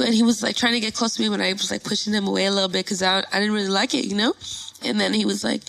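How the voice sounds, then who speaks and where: A woman performer telling a story in casual chat, animated and swearing freely, with many restarts. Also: medium pitch, quick pace, vocal fry, rough recording. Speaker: guest performer.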